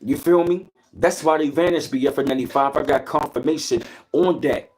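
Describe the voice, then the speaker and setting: A man's voice: fairly high pitch, moderate pace, darkish tone, a little hiss or hum. A man hosting a livestream. He gives a casual, preachy motivational talk, greets his chat and repeats his points. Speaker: livestream host.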